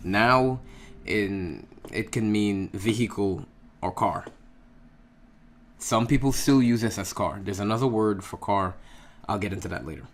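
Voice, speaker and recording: A man teaching a casual lesson, patient and unhurried, who keeps checking in with "okay?" while he writes out examples. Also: fairly low pitch. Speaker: Hebrew language teacher.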